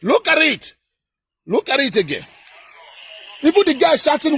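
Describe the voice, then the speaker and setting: A man delivering heated political commentary in a vlog, emphatic and sing-song, often breaking into shouts. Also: very high-pitched, very animated, normal speed, long pauses, slight background noise.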